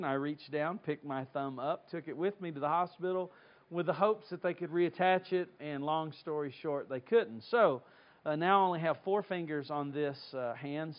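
A middle-aged man from North Carolina preaching, telling a personal story in a folksy, animated way before reading scripture. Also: on the high side. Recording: dull lo-fi sound.

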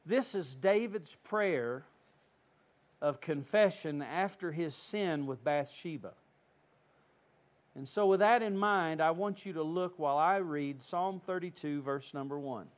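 A middle-aged man from North Carolina preaches in a folksy, storytelling manner with animated asides. His voice sits a little higher than most men's. The recording is dull and lo-fi. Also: unhurried. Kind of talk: sermon with personal story. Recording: dull lo-fi sound.

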